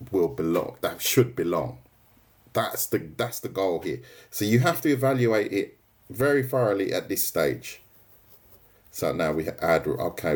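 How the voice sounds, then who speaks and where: Chatty man teaching drawing, lively. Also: on the low side. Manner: casual, chatty, laughs easily, says "right?" and "mate" often. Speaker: art tutor streaming live. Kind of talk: live drawing tutorial, chatting with viewers.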